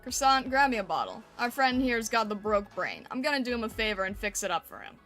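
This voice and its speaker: A woman voicing a swaggering male penguin crime boss in a gruff, laid-back mobster drawl, lowered from her own bright voice. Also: sing-song, fairly quick, faint music behind. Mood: mocking.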